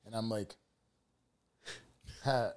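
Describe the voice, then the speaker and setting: A man's voice: fairly low pitch, very slow. A man in his thirties from Buffalo, New York, hosting a casual podcast chat and telling stories with plenty of swearing and acted-out quotes. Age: 30s. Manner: animated storyteller acting out quoted lines, profane. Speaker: podcast host.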